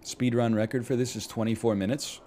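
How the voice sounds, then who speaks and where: A man's voice: mid-range voice, fairly even intonation, fairly quick, mellow, slight background noise. A man in his thirties from Canada, chatting casually on a stream in a rambling, sardonic way and swearing freely.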